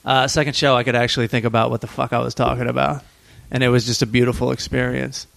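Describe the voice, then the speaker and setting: A man telling tour stories on a podcast, his voice of ordinary pitch. He is lively and laughs easily, and he slips into other people's voices as he goes. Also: fast, vocal fry. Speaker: podcast host. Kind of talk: casual storytelling chat.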